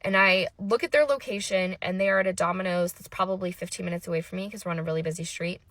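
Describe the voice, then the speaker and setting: A woman's voice: fairly low pitch, steady tone, fast, fairly bright tone, no echo. A woman in her thirties, a mother, retelling a frightening family story in an emotional storytime monologue, intense and breathless as she quotes the dialogue. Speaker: mother telling a personal story.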